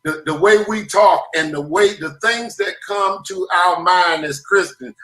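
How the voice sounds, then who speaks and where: A man's voice: sits high, a little slow, few pauses, bright, forceful tone, recorded from a distance. A man hosting a talk show, turning his comments into an emphatic little sermon, sometimes raising his voice. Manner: emphatic, preaching, raises voice at times. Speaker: show host. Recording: roomy echo, from off the mic.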